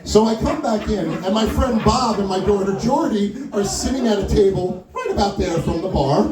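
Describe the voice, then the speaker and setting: Animated man telling a stand-up story. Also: sits high, normal speed. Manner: animated, acts out other people's lines. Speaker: stand-up comedian. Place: small wine lounge stage. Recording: echoey room with mic far off, crowd audible. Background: audience laughter and crowd chatter.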